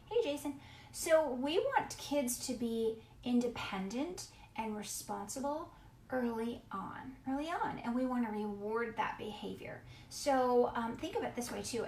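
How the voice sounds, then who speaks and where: Chatty higher-pitched woman, echoey room. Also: slight background noise. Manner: chatty, emphatic, greets viewers mid-talk. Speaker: parenting coach. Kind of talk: casual live-stream talk.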